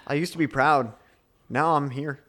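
A man co-hosting a podcast, joking in a deadpan way in casual chat. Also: on the high side, moderate pace. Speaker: podcast co-host.

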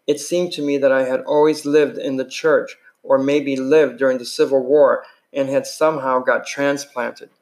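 A man's voice: mid-range voice, flat delivery, normal speed, few pauses, darkish tone. A man reading a first-person novel aloud in an unpolished way, stumbling and restarting now and then. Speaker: reader.

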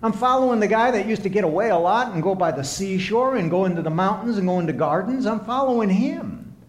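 A man preaching a sermon and counseling as he talks, impassioned, swinging from soft to emphatic. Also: high voice, animated, fast talker. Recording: echoey room.

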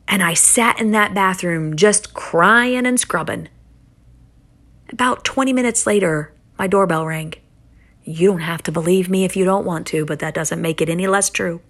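A middle-aged woman preaching a sermon and telling a personal story, speaking earnestly with emphatic, dramatic pauses. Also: mid-range voice, fairly bright tone.

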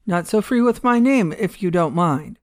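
A suspicious small-time gambler snaps back in short, blunt lines, voiced by a woman reading a story. The delivery is a touch louder and dry, with no room sound. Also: fairly low pitch, expressive, moderate pace, no echo, natural voice. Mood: curt suspicious. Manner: curt, blunt, uneasy.

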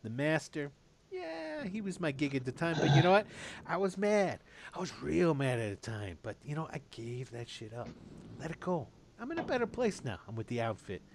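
Tabletop game NPC: man voicing a relaxed street crook, low drawl, lively swings. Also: moderate pace, background noise. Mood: easygoing. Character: laid-back streetwise male crook, grudge let go.

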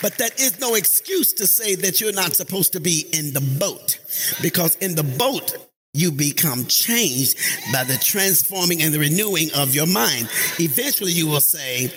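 A man preaching a sermon in church, lively, calling on the congregation and rising to shouts. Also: fairly high pitch, moderate pace, slightly rough, soft background music. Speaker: pastor. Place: church sanctuary.

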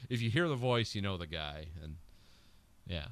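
A man's voice: lowish voice, animated, normal speed, fairly bright tone. A man co-hosting a podcast, chatting casually about a film in a rambling, joking way with lots of fillers. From United States. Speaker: podcast co-host.

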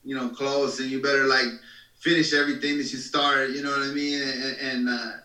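A man's voice: mid-range voice, level tone, fairly quick, sharp tone. A man who writes songs, talking in a casual podcast chat, full of fillers and "you know what I mean.". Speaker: podcast co-host, songwriter. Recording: roomy, distant mic.

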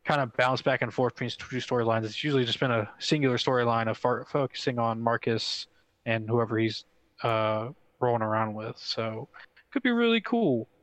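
A young man talks games on a podcast, voice close and dry against the mic. He rushes through excited stories full of "like" and the odd swear, his pitch sitting in a middle range. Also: dry recording, low-quality recording. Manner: excitable, fast storytelling with swearing and many fillers. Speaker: podcast co-host. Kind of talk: casual gaming chat.

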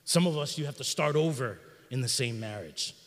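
A middle-aged man preaching a sermon in a church sanctuary, in an energetic, conversational style with slang. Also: mid-range voice, a little fast, in a large hall. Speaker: pastor.

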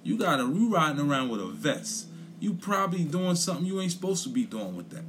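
A man's voice: a little high, very animated, brisk, fairly bright tone, slight background noise. A young man gives a blunt, profane opinion rant in casual chat, repeating his points for emphasis. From Brooklyn, New York. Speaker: commentator.

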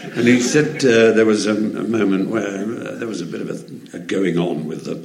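A man's voice: lowish voice, normal speed, gravelly. An English man, an interview guest, telling theatrical anecdotes articulately, with frequent ums. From England. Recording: roomy echo.

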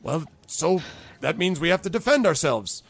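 A man voicing a blustering, suspicious male goblin boss who barks orders in a high, squawky voice. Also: big pitch swings, normal speed, vocal fry, slightly rough, heavily acted. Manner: barking orders, indignant.

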